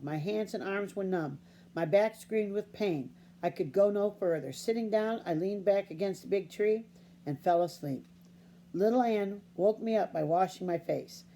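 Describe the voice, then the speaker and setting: A woman reading a children's novel aloud in a steady, unhurried storybook narration. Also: mid-range voice, a little hiss or hum. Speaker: audiobook reader.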